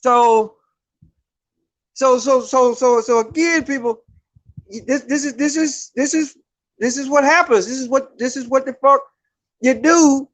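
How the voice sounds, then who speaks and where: High-voiced man ranting heatedly. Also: unhurried, pauses often, fairly bright tone. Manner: heated, repetitive, keeps asking "right?". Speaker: vlogger. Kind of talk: profane opinion rant.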